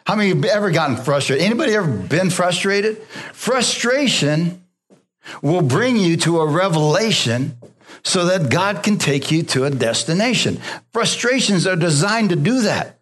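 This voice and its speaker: A pastor preaching a sermon, drawing amens from the congregation and dropping to a soft, low voice when he quotes God. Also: sing-song, normal speed. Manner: call-and-response preaching, asking the congregation for amens; drops low and soft for God's voice, rises for emphasis.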